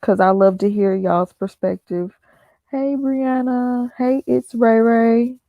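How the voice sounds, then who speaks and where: A woman's voice: fairly high pitch, fairly even intonation, slow, no echo, muffled recording. A woman hosting a casual live stream, congested from allergies, chatting and greeting viewers by name one after another.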